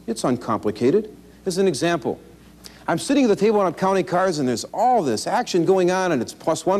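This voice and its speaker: A man teaching card counting in an instructional video, talking in a folksy, animated way with self-deprecating humor. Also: a little high, a little fast. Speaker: blackjack instructor. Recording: 1980s VHS instructional tape.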